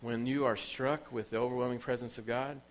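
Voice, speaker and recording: A man's voice: medium pitch, fairly even intonation, fairly quick, a little hiss or hum, low-quality recording. A man preaching a sermon in a church as pastor, telling stories with emotion and repeating phrases for emphasis.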